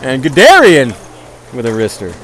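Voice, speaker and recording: A man calling a ball hockey game play by play, tired after hours of talking, joking at his own expense and getting louder on goals. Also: mid-range voice, moderate pace, a little hiss or hum. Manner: joking, self-mocking, rising excitement on goals. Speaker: play-by-play commentator.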